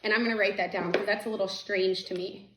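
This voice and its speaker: A woman's voice: mid-range voice, fairly even intonation, quick pace, noisy background. Woman teacher reading a novel aloud. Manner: casual, chatty asides. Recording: echoey room.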